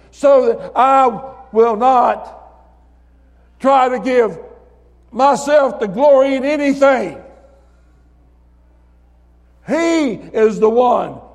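Preacher, male, high and unhurried, sermon with ringing reverb. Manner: rising to shouted hallelujahs, calls on listeners by name. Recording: long reverb of a hall.

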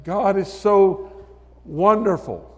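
A man preaching a sermon in church, building to shouted hallelujahs and calling on listeners by name. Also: high-pitched, slow pace, faint music behind. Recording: long reverb of a hall.

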